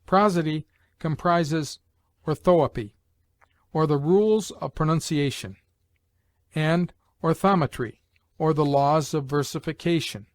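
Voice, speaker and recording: A man reads an old grammar text aloud, taking it slowly with measured pauses between phrases. His voice sits a little high for a man. The recording is dry and close, with no room sound. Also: dry recording. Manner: slow, measured recitation with pauses. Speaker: reader.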